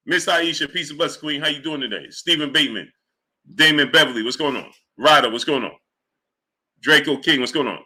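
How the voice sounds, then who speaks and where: A man hosting a sports livestream, talking fast and exasperated, firing rhetorical questions and greeting chatters in a low mutter. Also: expressive, bright, forceful tone. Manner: exasperated, rhetorical, repeats himself. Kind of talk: live stream commentary, reading chat.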